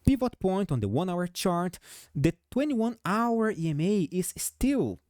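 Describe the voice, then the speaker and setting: Lively accented man breaking down stock charts. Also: high-pitched, a little slow, dry recording, studio quality. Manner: peppers talk with "okay?", "right?" and "guys"; speaks with a noticeable foreign accent. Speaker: stock market analyst host. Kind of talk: technical chart analysis commentary.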